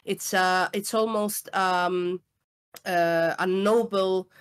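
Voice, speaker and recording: A woman's voice: mid-range voice, steady tone, takes it slowly, smooth. Italian woman explaining thoughtfully. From Italy. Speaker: voice actress guest. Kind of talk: casual interview chat.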